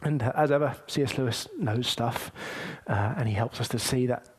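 A man's voice: mid-range voice, normal speed, very noisy. A young man preaching a sermon in an earnest, conversational, heartfelt way.

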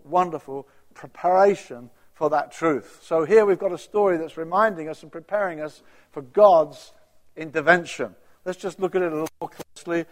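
Older male preacher, animated storyteller, bright pitch, swinging lively delivery, long hall reverb. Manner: animated storytelling with acted-out quotes. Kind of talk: sermon.

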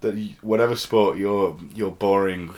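A man's voice: on the low side, steady tone, normal speed, a little mellow. Congested, nasal-sounding podcast man. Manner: playful, argumentative. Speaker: podcast co-host. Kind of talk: casual comedic chat.

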